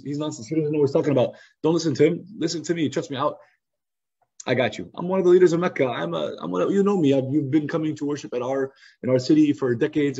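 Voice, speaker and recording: A man's voice: on the high side, mellow, slightly rough, pitched above the performer's own voice. A man voicing a scornful older male tribal chief who mocks his nephew, in a dismissive, mocking way. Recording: slightly muffled lo-fi recording.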